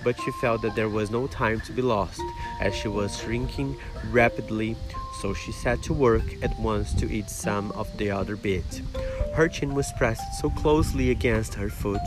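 A man's voice: fairly low pitch, rough recording. A man with a Brazilian Portuguese accent, a native Portuguese speaker, reading a classic storybook aloud in English, carefully paced. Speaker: reader teaching English. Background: background music.

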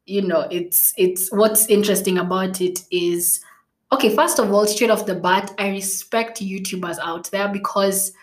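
A woman's voice: on the low side, echoey room. A young woman from Kenya, hosting her own podcast in a casual, chatty way with frequent fillers and little laughs. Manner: chatty and self-laughing, many fillers and restarts. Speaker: podcast host. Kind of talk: casual solo podcast chat.

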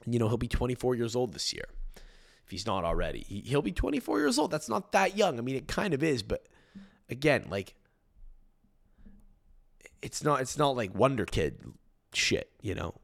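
A man's voice: medium pitch, very animated, normal speed, gravelly, long pauses. A man talks through a solo podcast in a loose, conversational way. He wanders from point to point, swears casually, and keeps circling back to repeat or restart his sentences. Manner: rambling, profane, repeats and restarts phrases. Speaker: podcast host.

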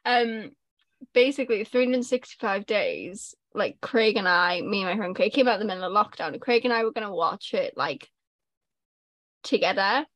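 A woman's voice: medium pitch, moderate pace, dry recording. A young woman, co-hosting a casual podcast and telling stories animatedly, acting out quotes. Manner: animated storyteller, acts out quotes. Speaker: podcast co-host. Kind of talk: casual chat.

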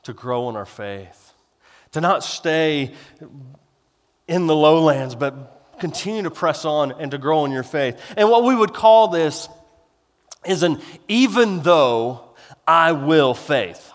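A man's voice: on the high side, expressive, slow pace, pauses often, big-room sound. A male pastor preaching a sermon in a folksy, rambling way, with restarts and self-deprecating humor.

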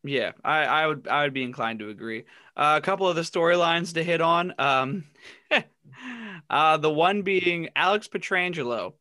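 A man's voice: fairly high pitch, expressive, moderate pace, bright, forceful tone, no echo, studio quality. A man co-hosting a casual sports podcast, recounting funny stories and laughing often. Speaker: podcast co-host.

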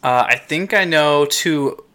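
A man's voice: fairly high pitch, slow, pushed and bright, clear, resonant tone. A man co-hosting a podcast in easygoing casual chat, laughing often and restarting sentences. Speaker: podcast co-host.

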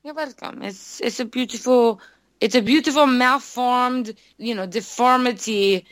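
A woman's voice: fairly high pitch, measured pace, dry recording, natural voice. A woman playing an eccentric, beret-obsessed oddball who talks about herself in the third person, in an improv comedy bit. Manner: talks about herself in the third person, clumsy formal phrasing, sudden apologies. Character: eccentric beret-obsessed woman called Jim Jim, oddly formal.

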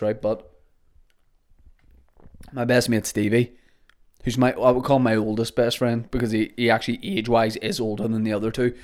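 A man's voice: mid-range voice, a little mellow. Guy rambling on his podcast, jokey tall tales, mid voice. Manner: rambling, joking storyteller. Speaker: podcast host. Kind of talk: casual solo podcast chat.

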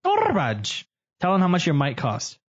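A man's voice: high-pitched, wildly swooping pitch, moderate pace, dull audio. A man hosting a casual podcast chat, joking around and stretching words out in mock-serious asides. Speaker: podcast host.

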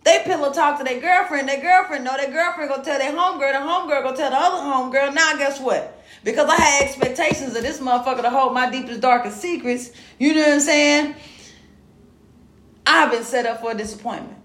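A woman's voice: sits high, brisk, roomy sound. A woman hosting a podcast, talking frankly and with a lot of swearing, checking in with her listeners over and over. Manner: frank, animated, keeps saying "you know what I'm saying". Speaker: podcast host. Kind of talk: casual profane monologue.

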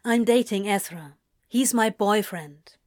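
A woman voicing a guarded young man who talks bluntly and sarcastically, a bit louder than her narration. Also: medium pitch, unhurried, no echo, clean studio sound, natural voice. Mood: bitter.

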